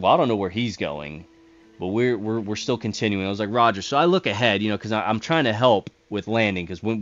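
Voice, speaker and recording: A man with a lowish voice tells a long story to his gaming audience, stumbling over and repeating words as he goes. He acts out the radio calls and swears when the tension rises. The recording is dull and somewhat lo-fi. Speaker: gaming channel host telling a story. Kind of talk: casual storytelling over gameplay.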